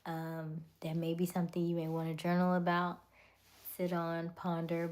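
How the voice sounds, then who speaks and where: Soft-spoken woman hosting a live chat. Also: lowish voice, completely flat delivery, normal speed. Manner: gentle, encouraging life-coach advice; greets viewers and reads comments aloud. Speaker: live-stream host. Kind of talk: live-stream chat with viewers.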